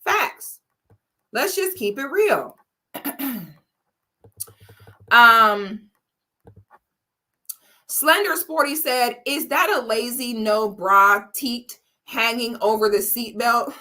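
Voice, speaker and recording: A woman hosting a casual livestream, telling a story with animated quoting and reading viewer comments aloud. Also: a little high, very slow, pauses often. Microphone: camera or phone mic on a live stream.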